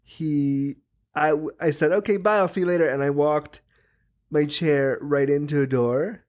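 Male podcast host, chatty and quick to laugh, restarts a lot; fairly high voice. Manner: animated, laughs often, trails off and restarts. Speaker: power wheelchair user. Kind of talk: casual chat.

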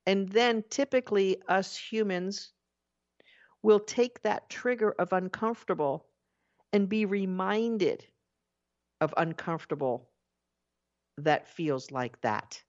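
A woman giving a spiritual talk, acting out everyday inner voices and slowing down to stress key words. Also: mid-range voice, a little mellow. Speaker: spiritual teacher. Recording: dull lo-fi recording.

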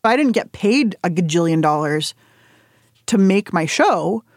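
Lively, laughing woman guest. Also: a little slow, dry recording, clean studio sound. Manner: animated storytelling, jumps high when quoting herself, laughs often. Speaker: interview guest, cookbook author. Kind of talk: candid conversational interview.

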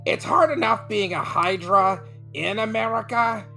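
A man's voice: high voice, lively intonation, measured pace, creaky, sharp tone, soft background music, exaggerated voice. A man voicing a self-loathing, over-apologetic head of a male hydra monster in an improvised comedy podcast. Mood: groveling.

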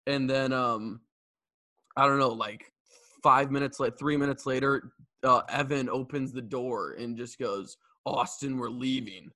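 A man's voice: medium pitch, fairly even intonation, unhurried, bright, forceful tone, no echo, clean studio sound. A young man in his twenties casually retelling a story to a friend, laughing often and swearing.

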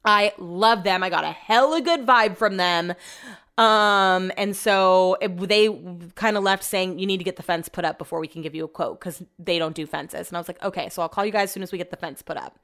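A woman's voice: mid-range voice, normal speed. A young woman casually telling a long story, chatty and profane, acting out what people said. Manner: chatty, profane, animated retelling. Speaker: vlogger.

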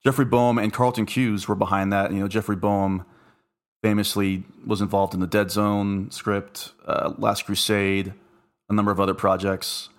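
A man's voice: lowish voice, level tone, normal speed. A man hosting a casual podcast, easygoing and teasing as he steers the talk. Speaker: podcast host.

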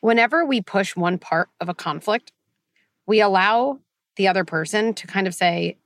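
A middle-aged woman hosting a podcast, talking in a lively, emphatic way and working through examples. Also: medium pitch, moderate pace, dry recording, studio quality. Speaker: podcast host. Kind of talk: conversational podcast talk.

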